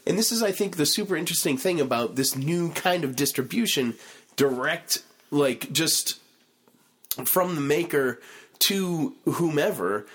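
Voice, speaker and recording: A man's voice: a little high, a little slow, husky. A man hosting a podcast, telling stories in a casual, profane way with lots of fillers. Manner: animated, profane storytelling with many fillers. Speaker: podcast host. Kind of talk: casual chat.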